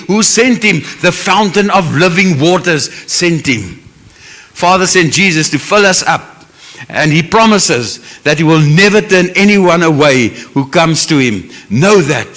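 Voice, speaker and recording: A man's voice: fairly high pitch, lively intonation, measured pace, fairly bright tone. A man with a South African English accent preaching a sermon as pastor, earnest and emotional, with Afrikaans phrases mixed in.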